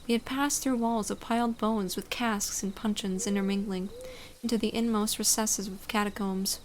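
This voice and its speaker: A woman's voice: medium pitch, steady tone, moderate pace, slight background noise. A woman giving a casual late-night reading of a story aloud, irreverent, reading on with loose asides. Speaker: reader of a story.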